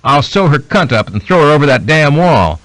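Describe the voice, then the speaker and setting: A man voicing an enraged middle-aged man who shouts curses and threats. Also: on the high side, big pitch swings, moderate pace, dry recording, voice pushed up, low-quality recording. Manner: furious, cursing, then hurt.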